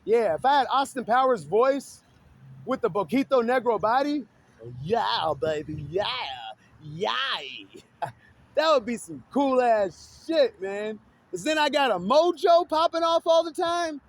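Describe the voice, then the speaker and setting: A man's voice: extremely high pitch, moderate pace. A man talking in a casual, rambling vlog monologue, swearing freely and often breaking into laughter.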